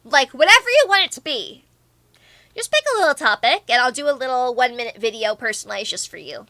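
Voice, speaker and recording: A woman's voice: high voice, animated, fast, bright, forceful tone, no echo. A young woman streamer chatting casually and reading out viewer comments, bubbly and playfully teasing.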